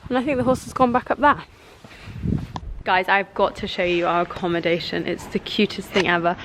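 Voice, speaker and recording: A woman's voice: fairly low pitch, fairly even intonation, brisk, background noise. A British woman chatting enthusiastically through a travel vlog, gushing as she shows things off. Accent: British English. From Britain. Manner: bubbly, gushing, chatty tour-guide talk. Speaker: vlogger.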